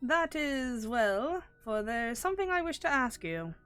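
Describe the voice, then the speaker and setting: A woman's voice: high voice, very animated, measured pace, a bit bright, clear, resonant tone, faint music behind, pitched above the performer's own voice, heavily acted. A woman voicing a formal, long-winded alien ether being, reading its game lines in a stiff, pedantic manner. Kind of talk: reading game dialogue aloud in a put-on voice.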